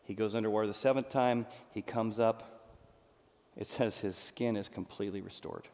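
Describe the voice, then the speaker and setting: Animated male pastor, echoey church hall. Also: on the low side, moderate pace. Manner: animated storytelling, acts out quotes. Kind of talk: sermon.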